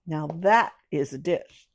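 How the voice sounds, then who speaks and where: A woman's voice: sits low, animated, slow pace. A middle-aged woman hosting a home cooking video, chatting casually about a family pasta dish and laughing easily.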